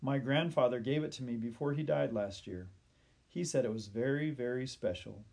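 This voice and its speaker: A man's voice: medium pitch, moderate pace, creaky, darkish tone. A man voicing an honest, eager young boy in a storybook reading.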